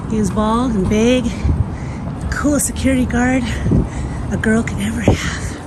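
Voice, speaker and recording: A woman's voice: on the high side, a little slow. A middle-aged woman vlogger walking outdoors and telling a personal story, vivid and breathless. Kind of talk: storytime narration. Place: outdoors on a city street near a cemetery. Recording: street noise with passing traffic.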